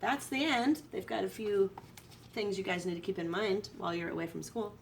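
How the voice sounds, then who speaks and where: A woman teacher reading a picture book aloud to her students, expressive and lively. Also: medium pitch, normal speed, vocal fry, a little hiss or hum. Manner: expressive read-aloud, voice rising for excitement. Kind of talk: storybook read-aloud to students. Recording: distant from the microphone.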